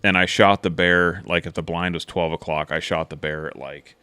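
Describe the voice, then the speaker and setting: A man hosting a podcast who tells hunting stories casually, rambling and animated, and swears now and then. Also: low-pitched, normal speed, clean tone, dry recording. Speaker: podcast host.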